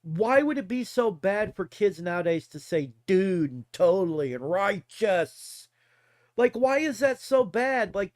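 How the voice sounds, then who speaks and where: A man's voice: on the high side, dry recording, studio quality. A man in his forties ranting casually and profanely on a live stream, rambling and often laughing. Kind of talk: casual rant.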